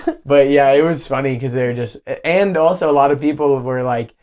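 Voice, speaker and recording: A man's voice: mid-range voice, a little fast, a little mellow, smooth. A man from the southern United States chatting casually as a podcast co-host, rambling and using lots of fillers. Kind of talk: casual chat.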